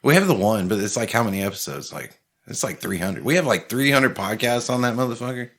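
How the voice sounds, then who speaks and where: Low-voiced joking podcast man. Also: expressive, fast talker, a bit bright. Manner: loose, joking, profane. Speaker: podcast co-host. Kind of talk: casual chat and show plugs.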